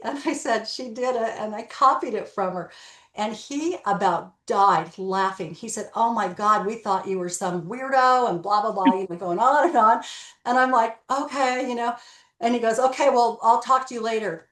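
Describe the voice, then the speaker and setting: A woman's voice: fairly high pitch, moderate pace, echoey room. A woman telling stories in an interview, acting out the dialogue as she goes. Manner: animated storyteller, acts out dialogue. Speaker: guest, real estate broker. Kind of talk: storytelling interview.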